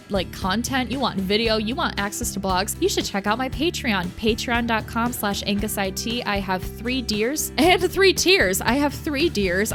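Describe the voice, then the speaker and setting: Rambling, self-questioning woman podcaster. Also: fairly high pitch. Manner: bubbly and gushing in thanks. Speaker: podcast host. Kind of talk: casual solo podcast monologue.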